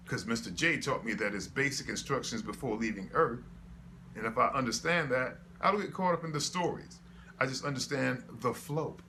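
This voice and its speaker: Bright forceful guy doing a chatty motivational sermon, kinda preachy. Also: mid-range voice, a little hiss or hum. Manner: preachy, conversational, rhetorical questions. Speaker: motivational speaker.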